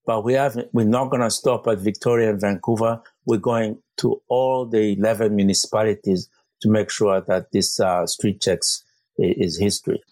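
A man's voice: lowish voice, fairly even intonation, darkish tone, dry recording. Earnest man with a very dry sound. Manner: earnest, halting with many fillers and restarts. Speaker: community organizer. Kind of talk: interview answer. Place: Vancouver.

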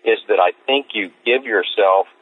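A man telling stories as an interview guest, rambling and repeating himself as he gets excited. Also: lowish voice, moderate pace. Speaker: street evangelist guest. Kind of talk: casual interview storytelling. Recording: tinny phone line.

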